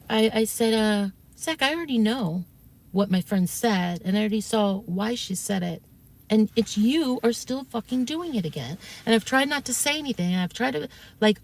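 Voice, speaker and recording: A woman streamer recounts a long story to her viewers, rambling casually with plenty of fillers and restarts and swearing when she gets heated. Her voice is lowish with vocal fry.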